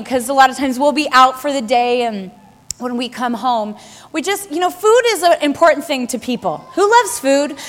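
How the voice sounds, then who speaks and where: Woman preacher, high voice, animated and laughing, sermon, long hall reverb. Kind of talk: sermon to a live congregation.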